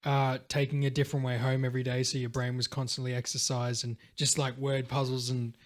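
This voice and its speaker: A young man co-hosting a casual podcast, retelling film scenes with lots of fillers and bursts of excitement. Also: mid-range voice, fairly quick. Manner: animated storyteller, acts out film scenes, lots of "like" and "dude". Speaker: podcast co-host. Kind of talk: casual chat.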